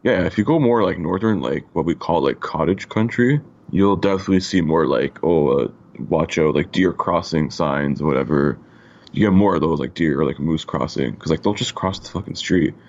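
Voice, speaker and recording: A man from Canada co-hosts a podcast in a very deep, gravelly voice. He talks in a laid-back way, swearing freely and leaning on fillers. The recording sounds a little dull. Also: a little fast, a little mellow. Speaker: podcast co-host. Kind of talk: casual chat.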